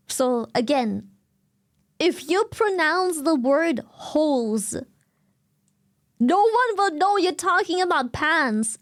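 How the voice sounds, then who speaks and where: A woman's voice: very high voice, fairly bright tone, dry recording, studio quality. A young German woman with a German accent, chatting casually as a streamer and eagerly explaining things, repeating herself for emphasis. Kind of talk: casual chat with chat.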